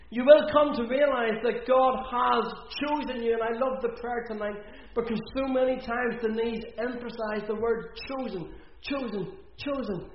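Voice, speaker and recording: Earnest preacher in an echoey church. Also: male voice, very high voice, a little hiss or hum. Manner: earnest, repeating phrases for emphasis. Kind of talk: sermon. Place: church hall. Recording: echoey, dull church recording.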